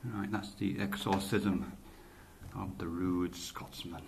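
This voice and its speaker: Here a podcaster's deep, gravelly voice moves slowly and steadily over a noisy background. He rambles casually, cursing now and then and often pausing to correct himself.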